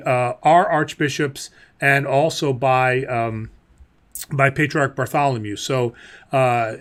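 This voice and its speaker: A man's voice: mid-range voice, a bit bright. A man, a priest hosting a livestream, teaching in a chatty way with many fillers and easy laughs.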